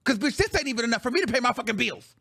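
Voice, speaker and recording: A man's voice: very high voice, lively intonation, rapid-fire, gravelly, bright, forceful tone, no echo, studio quality. A man hosting his own show, ranting bluntly and profanely in heated commentary. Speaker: talk show host.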